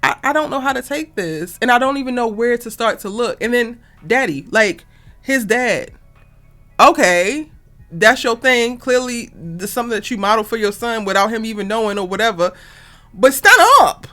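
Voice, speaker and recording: A woman reviewing a TV episode in a casual, animated and exasperated way, talking straight to her viewers. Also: a little high, moderate pace, faint music behind. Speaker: TV review vlogger.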